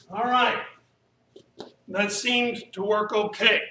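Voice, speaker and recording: High-voiced, slow-talking martial arts instructor. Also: male voice, fairly bright tone, a little hiss or hum. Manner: casual coaching, counting breaths aloud. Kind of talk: live-streamed workout instruction. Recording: echoey room.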